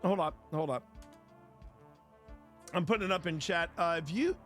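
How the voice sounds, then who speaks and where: Man, streamer host, fairly high voice, rambling casual chat, frequent swearing, faint music behind. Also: normal speed, a bit bright.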